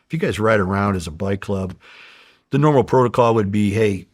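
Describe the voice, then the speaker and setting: A middle-aged American man with a fairly low voice tells undercover stories in a loose, profane way, jumping into other people's voices as he goes. The sound is close and dry, with no room around it. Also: fairly quick, no room sound. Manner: profane, animated storyteller acting out dialogue. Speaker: former undercover federal agent, guest. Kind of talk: casual storytelling interview.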